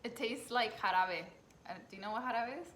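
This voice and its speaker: A woman's voice: fairly high pitch, brisk. A woman hosting a casual beer tasting chat, talking loosely with lots of fillers. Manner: chatty, hesitant with fillers. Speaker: host. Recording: echoey room with background noise.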